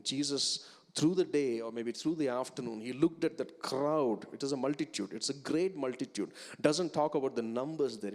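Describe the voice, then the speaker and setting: A man with an Indian English accent preaching a sermon as a pastor, telling stories and rising to loud, emphatic peaks. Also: mid-range voice. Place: large church hall. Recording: reverberant church hall.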